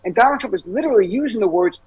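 Emphatic man with a husky high voice. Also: expressive, rapid-fire, darkish tone, no echo, poor audio. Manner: emphatic, urgent, repeats key words. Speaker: guest commentator. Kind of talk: political talk show discussion.

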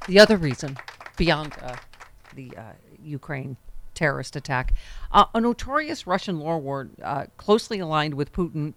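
A woman hosting a political talk radio show, sarcastic and animated with quick asides. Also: low voice, no echo.

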